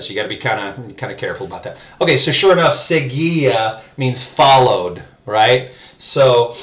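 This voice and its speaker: A man talks slowly through a casual language lesson, thinking out loud and stopping often with "um" and "right?". His voice sits at an ordinary middle pitch. The room around him is echoey. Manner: slow, thinking aloud with many fillers and "right?". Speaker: language learner teaching viewers. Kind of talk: casual screen-share lesson.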